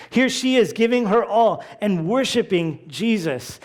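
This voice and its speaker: A man's voice: high-pitched, lively intonation, measured pace. A man preaching a sermon as pastor, talking in a conversational way with casual asides and briefly acting out quoted voices.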